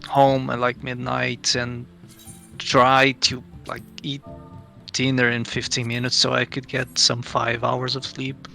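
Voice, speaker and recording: A man's voice: mid-range voice, monotone, unhurried, vocal fry, pushed and bright, soft background music. A man chatting casually with friends during a game stream, laid-back as he recounts his past routine. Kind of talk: casual chat while gaming.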